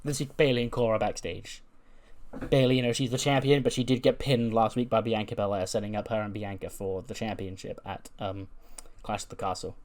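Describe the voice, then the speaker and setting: A man's voice: on the low side, fairly even intonation, a little fast, darkish tone. Chatty man narrating a game run. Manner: chatty, filler-heavy, laughs now and then. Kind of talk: casual narration of a wrestling sim playthrough.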